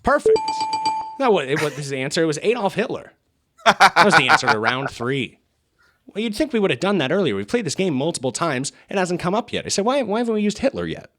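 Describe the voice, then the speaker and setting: Deadpan male host with a lively pitch. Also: quick pace. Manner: deadpan, mock-formal game-show delivery. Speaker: podcast host. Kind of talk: deadpan comedy hosting.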